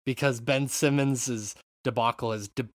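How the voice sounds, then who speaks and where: Animated man hosting a gaming podcast. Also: mid-range voice, measured pace, dry recording. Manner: animated, swears freely, rambling asides. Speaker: podcast host. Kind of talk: casual chat.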